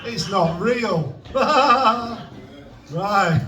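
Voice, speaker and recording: A man's voice: high-pitched, lively intonation, drawn-out words, crowd noise. Young male stand-up, rambling and self-mocking, recorded at a distance in a reverberant venue. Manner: self-deprecating, awkward, trailing off mid-joke. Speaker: stand-up comedian at an open mic. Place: comedy club stage with audience. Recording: roomy venue sound from a distant mic.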